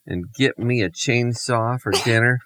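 A man's voice: mid-range voice, a little slow, fairly bright tone, voice pushed up, natural voice, poor audio. Sing-song calling mother, a man doing her. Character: brisk, oddball mother calling her daughter.

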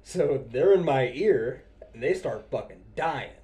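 A man with a mid-range, mellow voice and lively intonation casually tells a story about a customer call from his job as a cable technician. He swears constantly, sounds exasperated, and laughs easily.

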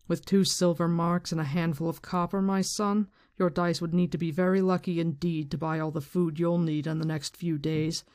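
A reader voicing a stern, powerful woman leader, reading her lines in a measured, firm way. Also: mid-range voice, flat delivery, darkish tone, natural voice.

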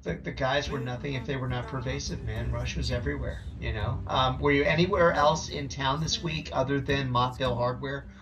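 A man's voice: mid-range voice, fairly even intonation, a little fast, hardly any pauses, a crowd in the background. A man co-hosting a podcast in a casual, joking way, teasing his friend and jumping into comic bits. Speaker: podcast co-host. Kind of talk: casual banter.

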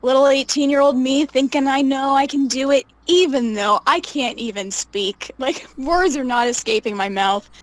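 A young woman telling stories casually as an interview guest, animated, laughing often and acting out what people said. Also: high voice, moderate pace, few pauses, dry recording, rough recording. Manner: animated, laughs often, acts out quoted voices. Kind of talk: casual storytelling.

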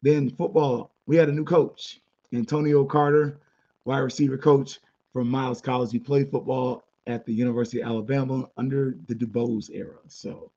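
Casual podcast host, male, dark husky voice, blunt and chatty, dull lo-fi mic. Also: mid-range voice. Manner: candid, chatty, blunt opinions with asides. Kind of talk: casual sports podcast monologue.

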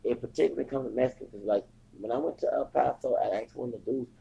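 Gravelly man rambling, lo-fi recording. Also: medium pitch, very fast, warm tone. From Houston, Texas. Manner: rambling, switches into Spanish, frequent fillers. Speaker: podcast host. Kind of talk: casual monologue. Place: at home, near the kitchen.

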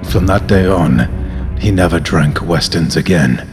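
A man hosting a podcast, reading a mock-horror story in a dramatic, drawn-out way. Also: sits low, big-room sound, over music. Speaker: podcast host.

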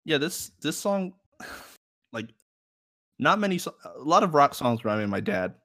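A man's voice: fairly high pitch, very animated, moderate pace, a bit bright, no echo, studio quality. A young man co-hosting a podcast in casual chat, rambling and laughing often. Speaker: podcast co-host.

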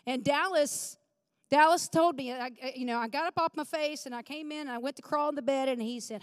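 Speaking briskly in a voice that sits high, a pastor in her forties preaches in a church sanctuary. Her sermon includes fervent prayer and a personal story told with earnestness. The clean studio recording carries a large hall's long reverb.

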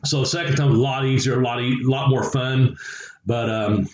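A man's voice: mid-range voice, fairly even intonation, normal speed, darkish tone, slight background noise. A man, a former wrestler telling rambling stories as a guest, full of chuckles and fillers. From Southern United States. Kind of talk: casual storytelling interview. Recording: echoey room with faint ambience.

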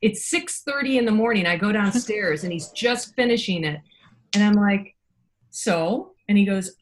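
A middle-aged woman appears as a podcast guest, speaking at normal speed in a medium-pitched voice. She tells personal stories casually and with animation, acting out the voices of the people she quotes.

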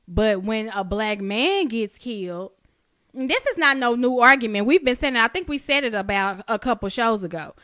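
Bright-voiced, animated woman podcaster. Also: fairly high pitch, normal speed, no room sound, clean studio sound. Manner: animated, joking, slangy, acts out quotes. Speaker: podcast co-host. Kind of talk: casual chat.

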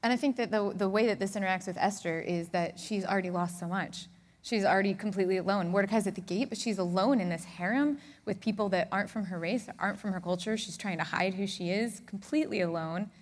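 Female co-host, husky voice, earnest and emotional in casual discussion. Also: mid-range voice, fast talker.

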